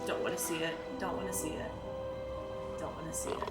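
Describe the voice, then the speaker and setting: A woman's voice: low-pitched, flat delivery, a little fast, over loud music. A young woman reacting to a TV episode, swearing freely, laughing and tearing up as she talks. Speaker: TV reaction host. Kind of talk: casual reaction commentary. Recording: echoey room, mic from a distance. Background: show audio playing.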